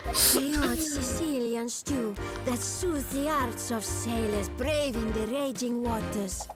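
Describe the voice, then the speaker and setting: Game cook, female, put-on Italian accent, theatrical and flowery; high, game music under. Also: slow pace. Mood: grandiose. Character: dramatic female ship's cook, adult.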